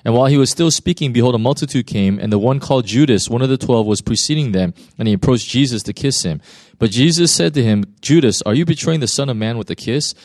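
A man's voice: medium pitch, fast, a little mellow, dry recording, studio quality. A man, a pastor, reading a Bible passage aloud and then preaching in a loose, conversational way, with many fillers and restarts. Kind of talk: scripture reading and sermon.

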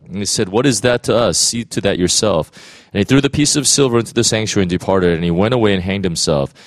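A man's voice: on the low side, no room sound. A man reading scripture aloud straight through, correcting misread words as he goes.

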